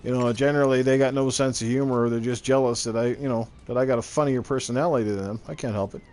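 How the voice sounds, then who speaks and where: Middle aged guy rambling on a game stream, cussing a lot, average pitch, headset mic. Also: steady tone, fast, a little mellow. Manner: rambling, swears freely, reacts to gameplay. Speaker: gaming streamer. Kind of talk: casual chat while gaming.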